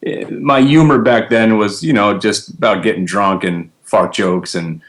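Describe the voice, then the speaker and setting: Deep-voiced New guy in his forties, lively storyteller. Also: measured pace. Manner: animated, laughing storyteller with many fillers. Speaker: guest, trader and comedian. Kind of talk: casual storytelling interview.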